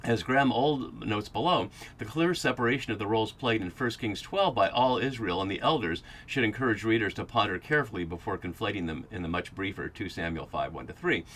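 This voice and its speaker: A man's voice: lowish voice, lively intonation, brisk, hardly any pauses, fairly bright tone, slight background noise. A man hosting a podcast, giving a Bible study lecture that explains passages and thinks aloud as he goes. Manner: thinking aloud with fillers and restarts.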